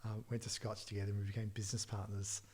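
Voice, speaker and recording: A middle-aged man, a tech entrepreneur as interview guest, telling anecdotes with laughs and quick restarts. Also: on the low side, level tone, crowd noise. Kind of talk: casual storytelling in a podcast interview.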